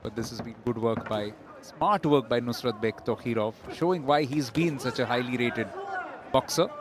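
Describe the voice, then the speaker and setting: A man commentating live on a boxing bout, giving measured, analytical play-by-play. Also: mid-range voice.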